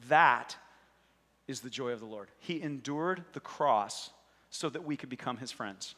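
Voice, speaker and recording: A young adult man preaching a casual, animated sermon, talking conversationally and acting out little voices. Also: medium pitch, measured pace. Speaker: pastor. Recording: long reverb of a large hall.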